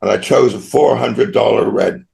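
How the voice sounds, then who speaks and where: A man's voice: medium pitch, moderate pace, vocal fry, darkish tone. An older man from Australia, a guest telling long rambling stories in an interview and often tagging his points with "right?". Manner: rambling anecdotal, frequent tag "right?". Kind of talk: storytelling interview.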